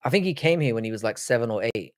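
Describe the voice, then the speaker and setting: Rapid-fire and lively in intonation, this medium-pitched British man with a London accent runs a live stream full of loose, sweary banter with viewers. He repeats words to show his pronunciation, and the sound is clean studio with no room noise.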